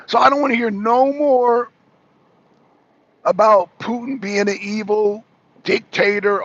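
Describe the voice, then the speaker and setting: Stream host, male, raised pitch with a raspy edge, keeps hammering his point and argues with chat. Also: steady tone, a little slow, a bit bright, lo-fi sound. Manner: emphatic, repeats himself, argues back. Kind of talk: livestream commentary answering chat.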